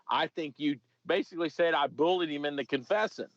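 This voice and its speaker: Rambling, profane ex-cop telling stories. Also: male voice, on the high side, a little fast, hardly any pauses, a bit bright, dry recording. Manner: rambling, profane, lots of restarts. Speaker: former police officer telling a story. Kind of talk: casual comedic storytelling. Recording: dry, slightly muffled podcast audio.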